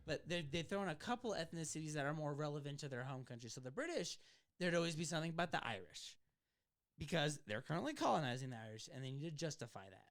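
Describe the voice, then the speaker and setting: A man's voice: on the high side, animated, fast talker. A man hosting a comedy podcast, rambling through a casual chat with lots of fillers. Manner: rambling, filler-heavy, argumentative. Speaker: podcast host.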